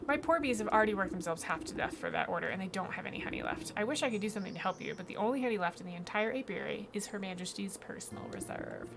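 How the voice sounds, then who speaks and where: A woman's voice: medium pitch, background noise, close to an everyday voice. A woman voicing a timid, lovesick male beekeeper who stammers and fawns over his queen. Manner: fawning, stammering.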